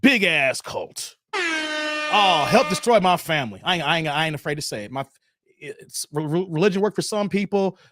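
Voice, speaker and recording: A man's voice: on the high side, expressive, brisk, noisy background. A man in his forties hosting a live stream, reacting to clips and talking straight to his chat viewers. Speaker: livestream host.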